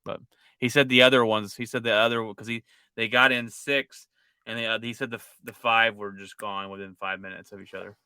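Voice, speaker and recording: A man co-hosting a sports podcast, telling stories in an animated, chatty way. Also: fairly low pitch, brisk, clear, resonant tone, no echo. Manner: animated storytelling. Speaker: podcast co-host. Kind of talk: casual chat.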